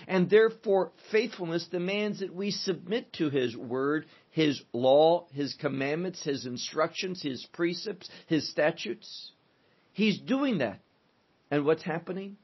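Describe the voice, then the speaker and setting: A man teaching through a psalm verse by verse, deliberate and emphatic, building his points in lists. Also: on the high side, breathy edge. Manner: slow, deliberate, emphatic with listed phrases. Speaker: Bible teacher. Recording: dull lo-fi recording.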